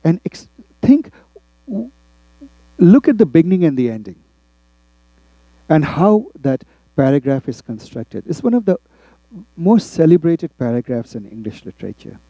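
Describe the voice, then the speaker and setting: A man from India teaching a class, often checking in with the students with quick tag questions. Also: on the high side, big pitch swings, mellow, no room sound, highs cut off. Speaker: instructor. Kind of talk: classroom lecture.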